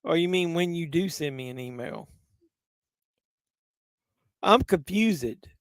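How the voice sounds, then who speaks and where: A tipsy man rambles through a live movie watch-along, cursing casually and answering his viewers' chat. His voice sits a little high and comes through smooth and resonant. The sound is dry and close, with no room echo. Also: animated, slow. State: tipsy from drinking. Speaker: live-stream host.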